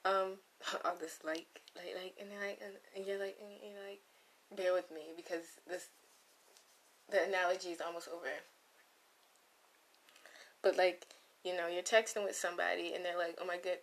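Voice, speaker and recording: Rambling young woman with a lowish voice. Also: little pitch movement, normal speed, long pauses. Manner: rambling, loses her train of thought, playful asides. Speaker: vlogger. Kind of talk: casual comedic monologue. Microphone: close microphone.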